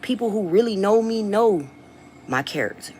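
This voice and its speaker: A woman's voice: medium pitch, expressive, moderate pace, darkish tone, a little hiss or hum, rough recording. A woman with a Southern US accent, a mother, talking straight to her viewers in a blunt, defiant way with plenty of swearing. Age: adult, a mother. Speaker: vlogger and rapper. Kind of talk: casual talk to viewers.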